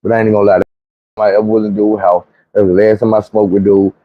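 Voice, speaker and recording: A man's voice: flat delivery, fast talker, no echo, lo-fi sound. A man telling a comic story in a casual, profane, rambling way. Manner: profane, slangy, rambling, leaps into high squeaky voices for quotes.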